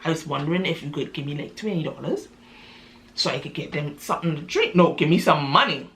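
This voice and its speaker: A woman storyteller voicing a broke young man who smooth-talks and begs for money, in a quick pleading ramble. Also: low-pitched, lively intonation, a bit bright. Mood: wheedling.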